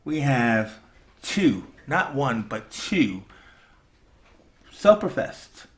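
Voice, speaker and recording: American man, podcast host, studio chat, bright forceful voice, joking around. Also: mid-range voice, a little fast, a little hiss or hum. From United States. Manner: jokey, laughs often. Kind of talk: casual interview chat.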